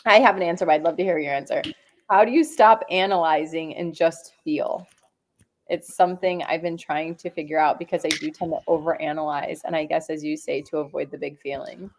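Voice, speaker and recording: A woman's voice: sits low, fairly even intonation, a little fast. A woman hosting a live training interview, responding in an enthusiastic, appreciative way. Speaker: host.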